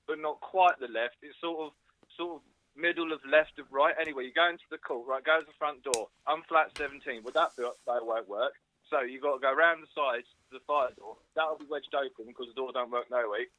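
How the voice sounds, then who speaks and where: A man playing a rambling, impatient caller who gives muddled directions to his flat, as a prank over a tinny phone line. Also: fairly high pitch, moderate pace, few pauses, natural voice. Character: rambling fast-talking man ordering food from a flat. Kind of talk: comic prank phone call.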